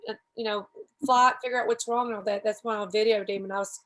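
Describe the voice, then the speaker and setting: A woman's voice: medium pitch, steady tone, quick pace. A woman, a podcast guest, telling rambling, self-deprecating stories in casual chat.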